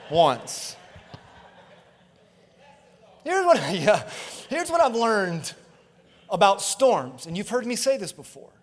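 A male pastor preaching in a church auditorium, his high voice carrying a long reverb tail through the hall. He talks emphatically, calls out to the congregation for agreement, and acts out quoted voices in his stories. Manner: emphatic preaching with call-and-response asides. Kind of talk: sermon.

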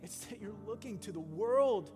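A male pastor preaching a sermon, animated, swinging from loud bursts to hushed asides. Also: high-pitched, moderate pace. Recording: long hall reverb with music behind.

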